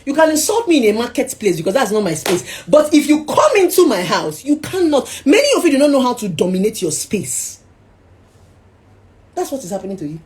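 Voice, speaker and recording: Lively Nigerian woman preaching to her followers. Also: on the high side, brisk. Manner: animated, switching into Pidgin, mocking chants. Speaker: social media personality. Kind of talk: motivational monologue.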